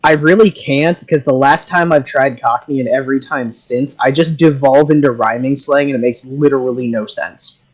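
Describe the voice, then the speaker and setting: A man's voice: medium pitch, normal speed, poor audio. Theatrical man running the game. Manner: theatrical, self-described drama kid. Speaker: game master. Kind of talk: casual chat during a game break.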